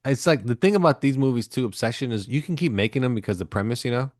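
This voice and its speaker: A man's voice: medium pitch, expressive, fast, a little mellow, no echo, clean studio sound. A man co-hosting a podcast, telling a movie story in a loose, profane, rambling way with plenty of fillers. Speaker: podcast co-host. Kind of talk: casual chat.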